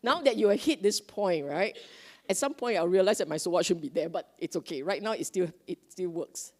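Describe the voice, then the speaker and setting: A woman's voice: on the low side, fairly quick. Woman, retreat teacher, chatty dharma talk that quizzes the room. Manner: lively, conversational, asks the audience questions.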